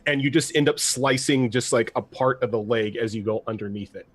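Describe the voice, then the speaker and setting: A man's voice: medium pitch, brisk, fairly bright tone. Casual game master, a man with an average voice, narrating the scene. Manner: casual, with many "like" fillers.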